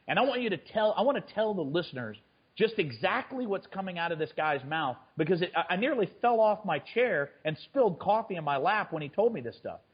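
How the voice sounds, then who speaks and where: Husky-voiced man, stammering restarts. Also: high-pitched, very animated, brisk, dull audio. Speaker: guest, fund manager and trader. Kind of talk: conversational interview.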